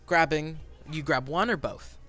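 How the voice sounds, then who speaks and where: A man's voice: a little high, unhurried, pushed and bright, faint music behind. A man narrating a tabletop game as game master in a loose, rambling way. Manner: loose, rambling, lots of fillers and restarts.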